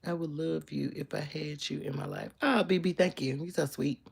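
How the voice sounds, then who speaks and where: Young woman, low-pitched, playful and sassy streamer reading comments. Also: steady tone, moderate pace, creaky, darkish tone, husky. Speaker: live streamer. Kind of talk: casual chat reading viewer comments. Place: bedroom, in bed.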